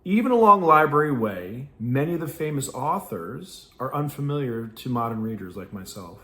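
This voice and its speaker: Blunt, animated podcast host from New York. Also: male voice, medium pitch, moderate pace. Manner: blunt, profane, laughs often. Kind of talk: reflective casual monologue with read passages. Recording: roomy echo.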